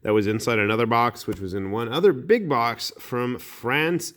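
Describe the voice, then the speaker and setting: A man's voice: medium pitch, normal speed, fairly bright tone. A man hosting his miniatures hobby channel, chatting casually and thinking aloud as he unboxes and inspects model parts.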